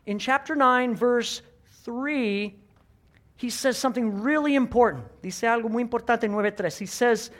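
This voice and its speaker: A man preaching as pastor to a congregation, animated, getting the room to make sound effects and then repeating each point in a second language. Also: very high voice, normal speed. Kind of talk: bilingual sermon. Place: church sanctuary.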